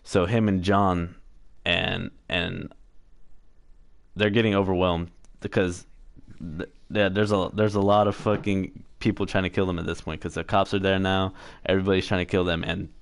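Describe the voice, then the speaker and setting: A man with a deep voice recaps a game's story in casual commentary. His delivery is flat and meandering, full of fillers, restarts and offhand swearing. The sound is smooth and dry, close to the mic. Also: moderate pace, no echo. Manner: rambling story recap with fillers and self-corrections; profane, offhand. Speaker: gameplay streamer.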